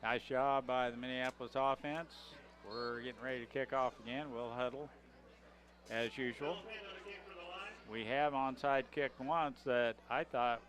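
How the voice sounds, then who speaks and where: A man giving color commentary on a local high school football game, breaking plays down in plain conversational talk. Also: steady tone, measured pace, a bit bright.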